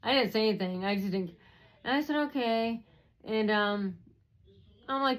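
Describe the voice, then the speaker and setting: A woman's voice: mid-range voice, moderate pace, a bit bright, rough recording. A woman telling a personal story in a rambling way, with many fillers and restarts.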